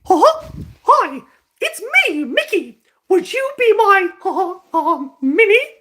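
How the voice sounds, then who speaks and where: A young man voicing a cheerful male cartoon mouse in a very high falsetto squeak, giggling through the lines. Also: big pitch swings, slow pace, sharp tone, heavily acted. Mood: giggly.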